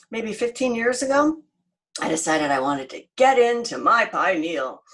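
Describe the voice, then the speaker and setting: An American woman with a middling pitch tells a personal story in a chatty, animated way. It sounds like relaxed podcast conversation. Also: low-quality recording. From United States. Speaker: podcast co-host. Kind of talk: casual storytelling chat.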